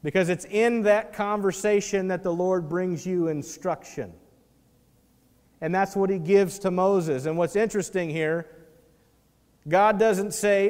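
A man preaching a sermon as pastor, animated and acting out the voices in the scripture he reads. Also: sits high, measured pace, in a large hall.

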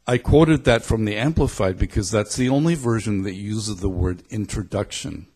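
Middle-aged guy from belfast preaching, low husky voice, kinda thinking out loud. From Belfast, Northern Ireland. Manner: reflective, thinking aloud with restarts. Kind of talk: conversational sermon.

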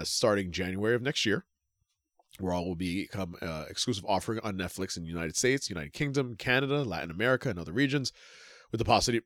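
A man's voice: low voice, a bit bright, no room sound, studio quality. A man co-hosting a casual wrestling podcast, reading out news with lots of "uh"s and jokes. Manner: reads news aloud with fillers and jokes. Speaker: podcast co-host.

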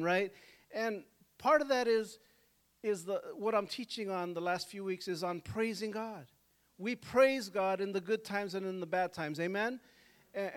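A male pastor preaching a sermon in a church service, telling stories and calling on the congregation to answer, swinging from soft talk to loud shouts. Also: high-pitched. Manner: calls for congregation responses.

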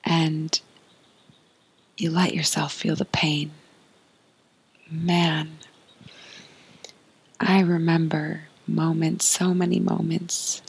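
A woman hosting a podcast, giving a soft, earnest spiritual monologue in a breathy, often whispered voice. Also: low voice, flat delivery, extremely slow, pauses often, rough recording. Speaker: podcast host.

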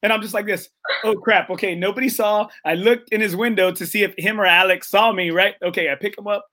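A man's voice: sits high, steady tone, quick pace, pushed and bright. A man hosting a casual chat, telling a story with many fillers, acting out the quoted lines and often checking in with "right?". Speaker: podcast host.

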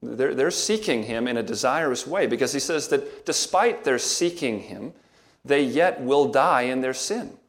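Measured male preacher, emphatic. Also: mid-range voice, lively intonation. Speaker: pastor. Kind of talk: sermon with scripture reading.

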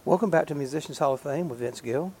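A man hosting a TV interview, asking his questions in a hesitant, halting way. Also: a little high, warm tone, slight background noise. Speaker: TV show host.

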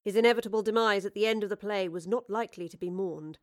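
A woman narrating a storybook with a measured, expressive reading. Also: medium pitch.

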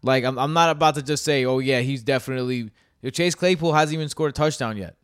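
A man's voice: a little high, fast, no echo, studio quality. A man co-hosting a sports podcast in casual, joking chat, talking animatedly and swearing freely. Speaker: podcast co-host.

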